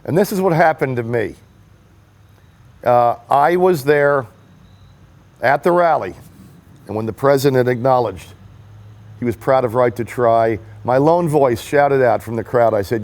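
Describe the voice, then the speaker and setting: A man's voice: medium pitch, measured pace, long pauses, darkish tone. Earnest man telling a personal story. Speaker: political rally supporter giving a testimonial. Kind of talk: personal story told to the camera.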